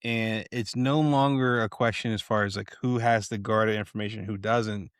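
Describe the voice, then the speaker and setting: A man's voice: lowish voice, fairly even intonation, moderate pace, clean tone, no echo, clean studio sound. Reflective male podcast host. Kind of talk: interview conversation.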